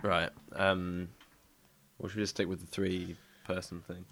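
A man with a very deep, gravelly voice on a comedy podcast. He teases his co-host and quizzes him on every detail of his joke. His tone is dry and wry. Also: little pitch movement, a little slow, fairly bright tone, a little hiss or hum. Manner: teasing, quizzing questions. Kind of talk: improvised comedy chat.

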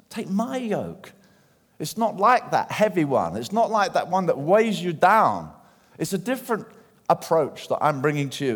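A man preaching a sermon in church, animated and acting out the voices of people he quotes. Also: fairly high pitch. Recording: long hall reverb.

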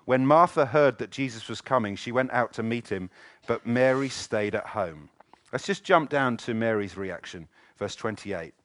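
Animated middle-aged preacher. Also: male voice, medium pitch, moderate pace, dry recording. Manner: animated preaching, acting out quoted voices. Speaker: pastor. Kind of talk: sermon. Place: church.

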